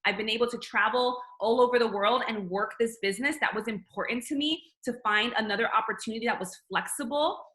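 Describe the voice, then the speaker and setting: A woman's voice: on the high side, pushed and bright. A woman hosting a group call, upbeat and enthusiastic as she shares her story and introduces the next speaker. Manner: upbeat, enthusiastic, repeats "amazing". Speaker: host. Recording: echoey room.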